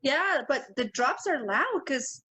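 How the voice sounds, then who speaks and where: Bright-voiced woman in casual chat. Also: sits high, animated, slow, poor audio. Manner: profane and laughing, loose and chatty. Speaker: podcast co-host.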